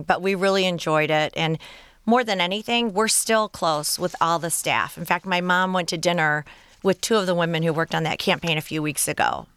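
Michigan woman on radio, talks in short bits, smooth clear voice. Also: lowish voice, fairly bright tone, dry recording. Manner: earnest, storytelling, talks in short clauses. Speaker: guest. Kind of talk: radio interview.

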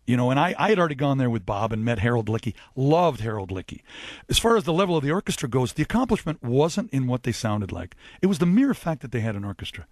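A man who is a musician and a radio guest, telling chatty, animated anecdotes with false starts. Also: medium pitch, fast, no room sound. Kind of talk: anecdotal storytelling.

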